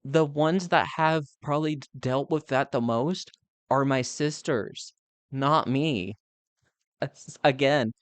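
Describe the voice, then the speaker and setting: A man's voice: medium pitch, smooth, no room sound. A young man chatting casually as a live streamer, speaking candidly and rambling with lots of filler words. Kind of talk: casual chat.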